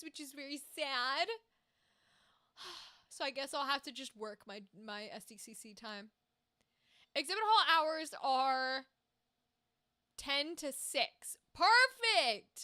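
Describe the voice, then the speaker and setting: A woman's voice: sits high, pushed and bright. An American woman streamer chatting casually and animatedly on a livestream, reading out viewer comments and swearing freely.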